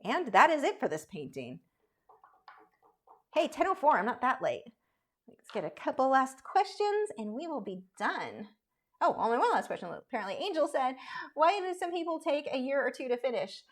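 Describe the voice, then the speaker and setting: A woman's voice: high-pitched, sing-song, normal speed. A woman art instructor chatting casually on a live painting stream, reading out and answering viewer questions in a rambling way.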